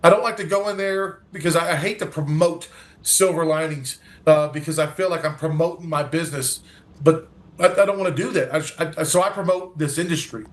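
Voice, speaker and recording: A man's voice: a little high, fairly quick. A man, a guest from a recovery organization, telling an earnest story in an interview, acting out dialogue and often restarting his sentences.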